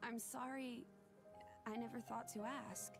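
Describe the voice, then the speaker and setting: An actress voicing a kind, gentle young woman who speaks softly and modestly. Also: a little high, level tone, a little slow, music in the background. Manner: soft, polite, modest.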